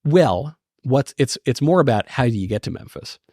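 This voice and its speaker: A man's voice: medium pitch, normal speed, dry recording, clean studio sound. A man in his thirties, a podcast guest telling stories in casual, joking chat. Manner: lively, joking, lots of restarts.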